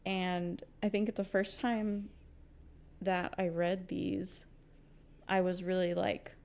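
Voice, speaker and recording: A woman's voice: lowish voice, little pitch movement, takes it slowly, creaky, darkish tone. A young woman co-hosting a podcast, chatting casually about books, gushing and rambling with lots of fillers and laughter. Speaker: podcast co-host. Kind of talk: casual book chat.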